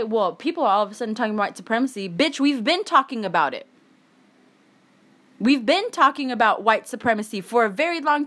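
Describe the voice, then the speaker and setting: A woman's voice: fairly high pitch, a bit bright. A young woman in a heated, emphatic monologue, swearing often as she rants. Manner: angry, swearing, emphatic ranting.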